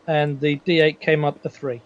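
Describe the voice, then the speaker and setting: A man's voice: a little high, flat delivery, normal speed, crowd noise. Polite male player on a dull lo-fi line. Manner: polite, inquisitive. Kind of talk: tabletop game play. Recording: dull, lo-fi online audio.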